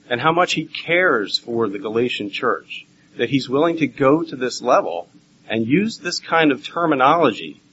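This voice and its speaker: A man preaching a Bible teaching sermon, animated and swinging between loud and hushed. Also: mid-range voice, slight background noise. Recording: dull lo-fi recording with faint ambience.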